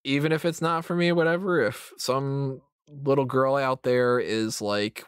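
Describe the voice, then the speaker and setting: A man's voice: medium pitch, measured pace, few pauses, smooth, no echo, studio quality. Rambling, self-mocking man in his thirties. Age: 30s. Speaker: podcast host. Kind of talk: casual roundtable chat.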